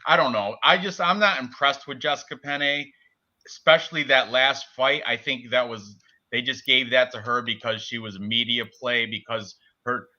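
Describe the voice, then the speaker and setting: Man, betting show co-host; bright, forceful voice, rambling casual delivery, dull lo-fi stream sound. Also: medium pitch. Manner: rambling, lists fighters, stumbles over names. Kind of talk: casual live-stream sports betting chat.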